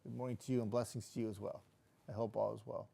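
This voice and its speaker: A man's voice: lowish voice, level tone, quick pace, gravelly, mellow, breathy edge. Chatty weatherman reading comments. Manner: chatty, loose, jokey, with frequent restarts. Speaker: TV meteorologist hosting a live stream. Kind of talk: casual live-stream chat reading viewer comments.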